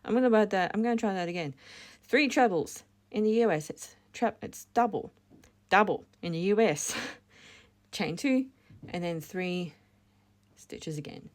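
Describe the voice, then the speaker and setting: A woman's voice: on the low side, expressive, a little slow. A woman talking through a crochet tutorial step by step, chatty and correcting herself as she goes. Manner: chatty, self-correcting, laughs at her slips. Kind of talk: casual step-by-step demonstration.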